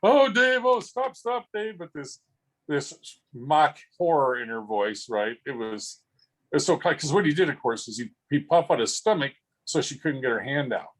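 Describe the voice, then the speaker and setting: A man's voice: medium pitch, animated, moderate pace, rough recording. A man telling funny stories at a memorial over a video call, rambling and chuckling with frequent restarts. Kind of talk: casual storytelling.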